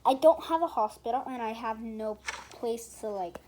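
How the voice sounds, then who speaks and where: A woman's voice: a little high, normal speed, dark tone. A female voice narrating a pretend roleplay in a chatty, giggly way, full of 'like' and 'so, yeah'. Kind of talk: casual pretend-play narration. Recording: faint background noise.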